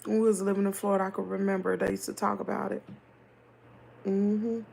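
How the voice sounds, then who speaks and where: A middle-aged woman with a Southern American accent hosts a livestream, chatting casually and reading viewer comments in a lively, talkative way. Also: medium pitch, brisk, creaky, slight background noise. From Southern United States. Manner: chatty, animated, laughs easily. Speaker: livestream host.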